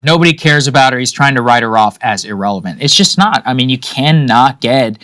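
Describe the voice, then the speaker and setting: A man hosting a political commentary show, laying out his analysis in a measured way. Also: mid-range voice, lively intonation, fairly bright tone.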